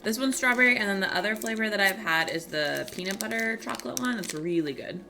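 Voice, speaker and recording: A young woman hosting a livestream, chatting casually with viewers in a soft, quiet morning voice into a small desk microphone. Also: mid-range voice, a little fast, creaky, a little hiss or hum. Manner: soft-spoken, chatty, reading out chat messages. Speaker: livestream host. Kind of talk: casual chat with stream viewers.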